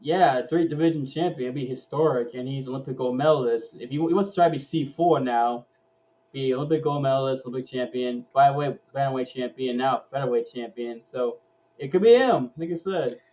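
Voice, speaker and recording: A man's voice: mid-range voice, brisk. A man hosting a casual live-stream sports chat, stumbling and repeating words as he goes. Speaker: host. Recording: dull lo-fi audio.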